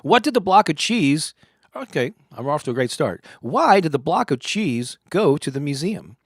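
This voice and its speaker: A man's voice: a little high, very animated, normal speed, husky, no echo, studio quality. Playful man telling corny puns. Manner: playful, laughs at his own puns. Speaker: live stream host. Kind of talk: corny joke segment on a live stream.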